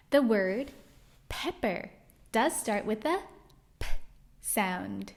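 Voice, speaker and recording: Cheerful, animated woman teaching kids phonics. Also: a little high. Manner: slow, cheerful, exaggerated praise for kids; sounds out letters carefully. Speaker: reading teacher for young children. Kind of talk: children's phonics lesson.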